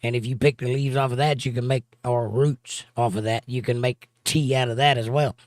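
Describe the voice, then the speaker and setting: A man's voice: medium pitch, brisk, dry recording. Dry-sounding male livestream host. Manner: reads viewer comments aloud in a steady conversational drawl. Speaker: livestream host reading chat. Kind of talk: casual chat.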